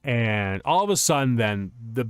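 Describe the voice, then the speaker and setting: A young man streaming casual chat, telling stories in an animated, rambling way with many restarts. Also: medium pitch, normal speed, clear, resonant tone, no echo, faint music behind.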